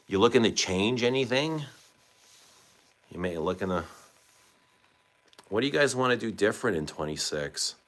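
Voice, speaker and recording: A man's voice: lowish voice, lively intonation, normal speed, long pauses, a bit bright. A man hosting a casual livestream, reading viewer comments aloud and chatting back with questions. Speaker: livestream host.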